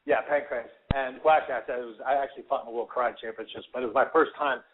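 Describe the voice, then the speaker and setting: A man, a former fighter and radio guest, telling animated stories full of fillers and acted-out quotes. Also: mid-range voice, very fast. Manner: animated storyteller, acts out quotes, many fillers. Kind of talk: casual storytelling on a radio show. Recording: tinny phone line with faint hiss.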